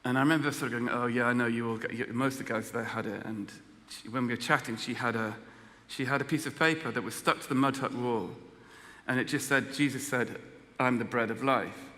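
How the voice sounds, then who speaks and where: An Englishman giving a personal testimony talk, telling a story with self-deprecating humor and halting restarts. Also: mid-range voice, sharp tone, big-room sound. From England. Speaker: guest speaker.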